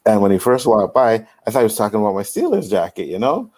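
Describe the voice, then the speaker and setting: Low-voiced man telling stories on a panel. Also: fast talker. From Canada. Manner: animated storyteller, repeats "you know what I mean". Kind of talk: casual panel chat.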